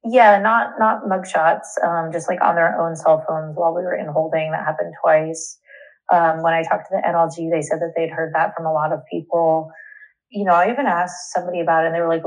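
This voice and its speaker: Low gravelly woman recounting her arrest. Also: steady tone, rough recording. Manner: candid, indignant, halting with restarts and fillers. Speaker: interviewee. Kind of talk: personal testimony in an interview.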